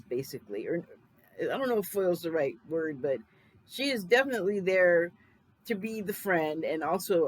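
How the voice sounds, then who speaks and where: A woman's voice: fairly low pitch, slight background noise, poor audio. A woman in her fifties from Los Angeles, casually reviewing a film in a rambling, chatty way, with frequent small laughs and self-corrections. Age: 50s.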